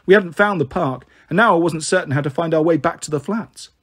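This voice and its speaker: A man reading a children's storybook aloud, expressive and voicing each character. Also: a little high, fairly quick, slightly rough. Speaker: audiobook narrator.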